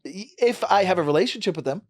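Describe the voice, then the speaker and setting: A man hosting a podcast, chatting casually and telling stories in quick bursts full of fillers. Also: high-pitched. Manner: animated, quick storytelling with fillers. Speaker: podcast host. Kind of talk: casual chat.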